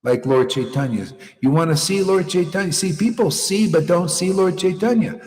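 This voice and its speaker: A man's voice: sits high, moderate pace, a little mellow. A man giving an informal devotional talk as a teacher, emphatic and full of rhetorical questions and repeated phrases. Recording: echoey room with long reverb.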